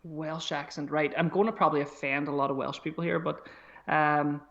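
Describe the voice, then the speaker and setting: A man's voice: a little high, fairly even intonation, fairly quick, gravelly, a bit bright, lo-fi sound. A man co-hosting a podcast, self-deprecating and laughing, swearing freely in casual chat. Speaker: podcast co-host.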